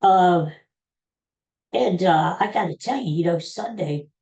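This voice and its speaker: Older man, podcast host, folksy rambling monologue, mellow voice, echoey room. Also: high voice, slow, lo-fi sound. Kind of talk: casual solo podcast monologue.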